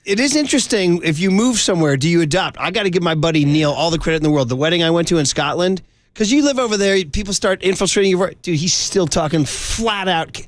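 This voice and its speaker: A man from California hosting a sports radio show, bantering and teasing in a casual, animated way. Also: high-pitched, quick pace, hardly any pauses, no echo.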